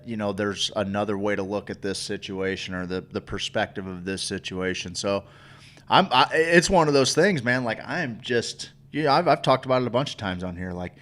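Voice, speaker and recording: A young man co-hosting a relaxed talk show, speaking at a middle pitch. He thinks aloud in a reflective, halting way and drops in the occasional swear. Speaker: podcast co-host. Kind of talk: casual chat.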